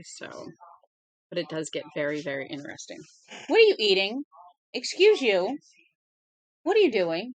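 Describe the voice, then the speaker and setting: A woman rambles chattily at home, drifting between small talk and addressing her dog in a high sing-song voice before she starts reading a novel aloud.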